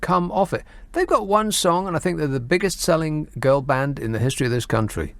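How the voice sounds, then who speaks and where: A man hosting a radio phone-in, sardonic and quick as he reads out listeners' messages and banters with callers. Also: mid-range voice, animated, no echo.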